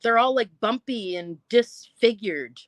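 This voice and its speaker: Brief: woman vlogger, casual animated storyteller, slightly high voice, dry close sound. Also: unhurried, no room sound. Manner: animated, acts out quotes, laughs often. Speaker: antiques vlogger.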